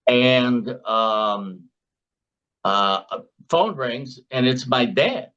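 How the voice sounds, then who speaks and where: Male, 60s, from Chicago; ex-floor trader guest; anecdotal, acts out the people he quotes; mid pitch; muffled lo-fi audio. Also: expressive, very slow, sharp tone. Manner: chatty anecdotal storyteller who acts out his own and others' quoted lines. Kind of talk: casual interview storytelling.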